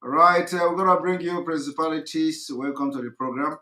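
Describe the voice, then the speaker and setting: A man's voice: fairly high pitch, fairly quick, pushed and bright, roomy sound, slight background noise, low-quality recording. A man hosting a live call-in broadcast, brief and courteous. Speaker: host.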